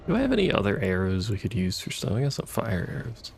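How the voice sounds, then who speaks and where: A man mutters his way through a game, dry and wry, cursing at whatever attacks him. His voice sits low with a gravelly, creaky edge, and a faint hiss runs under the recording. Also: big pitch swings, fairly quick, hardly any pauses. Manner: muttering, wry, swears at enemies. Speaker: gaming streamer. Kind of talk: casual gameplay commentary.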